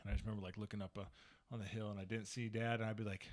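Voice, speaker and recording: Animated man telling stories, swearing freely. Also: on the low side, rapid-fire. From moved to Texas. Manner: animated storyteller, acts out quotes, swears freely. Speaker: podcast co-host. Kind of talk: casual chat.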